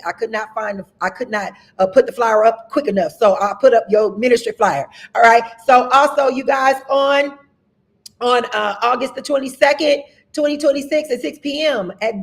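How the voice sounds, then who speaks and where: Lively woman host with a preacher's delivery. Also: a little high. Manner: lively, preacher-like, greets viewers by name. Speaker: host and minister. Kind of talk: livestream announcements and shout-outs.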